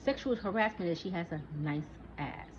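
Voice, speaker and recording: A woman's voice: fairly low pitch, expressive, normal speed. Heated, profane woman in her forties. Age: 40s. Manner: profane, heated, talks back to an imagined listener. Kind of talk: casual ranting monologue. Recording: dull lo-fi recording with faint noise.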